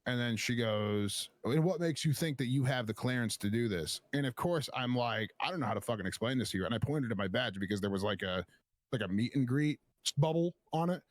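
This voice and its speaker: A man's voice: medium pitch, fairly quick, no echo. A man casually telling a story on a stream, swearing often and acting out both sides of an argument. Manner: profane, animated retelling with quoted back-and-forth.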